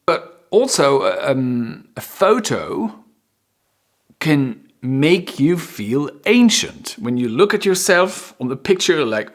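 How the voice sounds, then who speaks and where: A man's voice: a little high, big pitch swings, takes it slowly. A man teaching English vocabulary, repeating each new word for learners. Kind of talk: vocabulary lesson.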